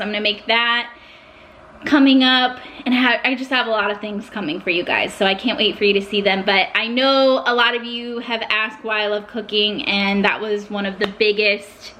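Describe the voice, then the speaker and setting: A young woman talking casually and warmly to her viewers about her love of cooking, getting emotional at times. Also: on the high side, steady tone, moderate pace, a little hiss or hum. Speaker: vlogger. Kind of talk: casual talk to camera.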